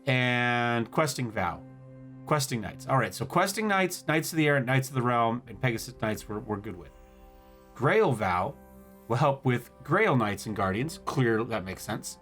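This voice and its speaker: A man's voice: mid-range voice, animated, measured pace, fairly bright tone, faint music behind. A man hosting a casual let's-play, thinking aloud as he plays and often stumbling over words. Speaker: gaming channel host.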